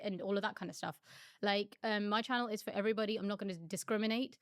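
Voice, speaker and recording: A woman telling an emotional personal account from her own video, quoting others in an animated voice. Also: mid-range voice, fast, no echo, clean studio sound. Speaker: video creator.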